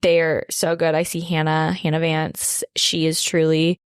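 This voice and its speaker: Chatty young woman, lower voice. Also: completely flat delivery, measured pace, clean tone, dry recording, studio quality. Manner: chatty, enthusiastic recommendations with frequent "like". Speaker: podcast guest. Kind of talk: casual chat.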